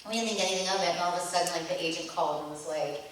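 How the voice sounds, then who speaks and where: A middle-aged woman tells animated anecdotes as a guest at a convention Q&A, full of fillers and quick laughs. Her voice comes from a distance in a large hall with heavy echo and a faint hum behind it. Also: on the low side. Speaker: actress guest at a fan convention panel. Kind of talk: convention Q&A storytelling. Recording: echoey convention hall from far off, faint noise.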